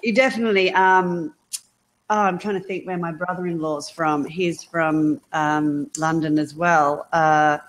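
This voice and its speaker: A woman with an Australian accent chatting casually on a video call, slangy and quick to laugh. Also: low-pitched, fairly even intonation. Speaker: guest on a group video chat. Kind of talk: casual chat.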